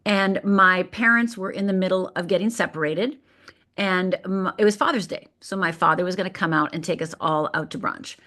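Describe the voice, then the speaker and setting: A middle-aged woman from Michigan tells her own story as a podcast guest. She speaks vividly and lets key moments land with deliberate pauses. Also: lowish voice, pushed and bright. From Upper Peninsula of Michigan. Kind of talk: telling a personal story on a podcast.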